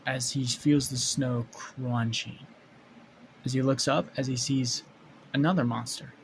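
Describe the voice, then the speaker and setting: A man's voice: mid-range voice, level tone, measured pace, slight background noise, low-quality recording. A man improvising a fan story aloud, rambling with frequent restarts and casual swearing.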